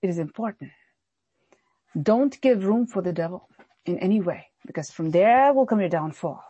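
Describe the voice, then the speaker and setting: Woman pastor preaching hard, husky breathy voice, dry close sound, keeps repeating herself. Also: medium pitch, animated, normal speed, dark tone, no room sound, muffled recording. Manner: emphatic, repetitive exhortation. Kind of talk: sermon.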